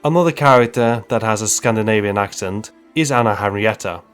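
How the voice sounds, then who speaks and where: A man's voice: lowish voice, a little fast, faint music behind. A man narrating a humorous video game story recap with wry, joking asides. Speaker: YouTube narrator.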